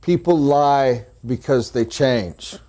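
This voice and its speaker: A man leads a sales training session in a mellow, warm voice of ordinary pitch. He is blunt and joking and stresses his points. He turns to the room often with quick asides. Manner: talks straight to the audience with quick asides.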